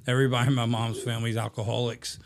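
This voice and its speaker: Man, podcast guest, gravelly fry, dry teasing banter, casual chat. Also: medium pitch, flat delivery, fast talker.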